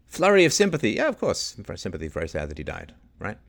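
Sarcastic, lively male livestream host. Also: on the low side, quick pace, gravelly. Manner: sarcastic, exasperated, rhetorical questions. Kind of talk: solo livestream commentary, reading news aloud.

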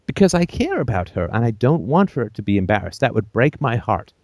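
A man's voice: medium pitch, big pitch swings, brisk, a little mellow, no room sound, clean studio sound. A man hosting a call-in show, giving blunt, emphatic advice full of profanity and jokey asides.

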